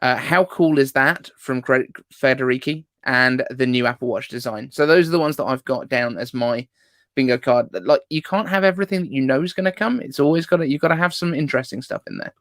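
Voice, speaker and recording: A man's voice: medium pitch, brisk, a bit bright, no room sound. A man guesting on a tech livestream, joking with dry humor. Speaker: guest YouTuber. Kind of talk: casual tech chat.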